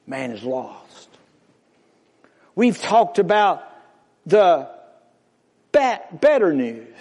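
A man's voice: fairly high pitch, a little mellow. A male preacher delivering a sermon with dramatic rises and falls, often calling out to the listener as "my friend". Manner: dramatic rising and falling delivery, calls out "my friend". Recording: long hall reverb.

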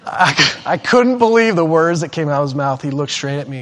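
A male preacher telling a personal story in a sermon. He is animated and self-deprecating and often restarts his sentences. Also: fairly high pitch, brisk, hardly any pauses, slight background noise.

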